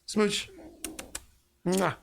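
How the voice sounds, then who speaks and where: A man who runs the game and streams it chats casually and playfully from his home basement. He speaks very slowly, and there is background noise.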